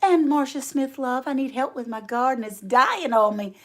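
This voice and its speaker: A woman hosting a casual livestream, chatting warmly with viewers, laughing often and reading out their names. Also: sits high, expressive, normal speed. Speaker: homestead channel host.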